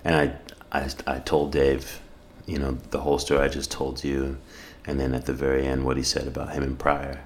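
A middle-aged South African man, a guest on a podcast, tells a personal story in casual conversation, earnest and reflective, full of fillers and restarts. His bass voice is delivered completely flat at a normal speed, with slight background noise.

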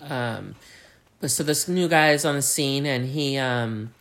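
A woman's voice: rumbling low, a little slow. A tired woman co-hosting a podcast, retelling a story in a rambling, profane, joking way. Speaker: podcast co-host. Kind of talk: casual storytelling chat.

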